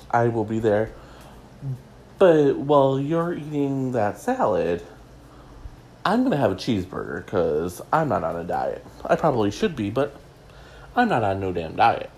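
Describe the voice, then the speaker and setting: A man's voice: medium pitch, a little mellow, a little hiss or hum, low-quality recording. A man hosting a casual solo gossip show from home, chatty and rambling with a self-mocking streak. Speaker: gossip podcast host.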